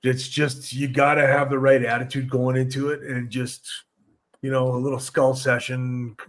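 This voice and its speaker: A middle-aged man, a podcast guest, chatting casually in a relaxed, rambling way and often restarting his sentences. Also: medium pitch, moderate pace. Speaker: podcast guest, former wrestler. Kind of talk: casual interview chat.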